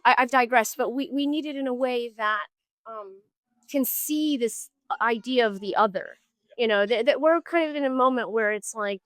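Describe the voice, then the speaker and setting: Her fairly high voice comes through with no echo as she's interviewed on a street outdoors. The musician speaks with earnest thoughtfulness, often abandoning sentences midway and restarting.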